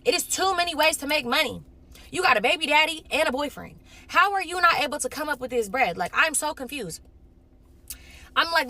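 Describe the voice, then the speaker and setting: A young woman from Los Angeles, telling a casual storytime monologue in an animated way, acting out the other people in her story. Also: high-pitched, brisk. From Los Angeles, California.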